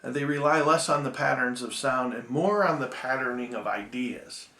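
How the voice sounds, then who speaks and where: A man giving a recorded Bible-school lecture, measured and full of ums and restarts, slowing down to read poems aloud. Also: medium pitch, pushed and bright, reverberant.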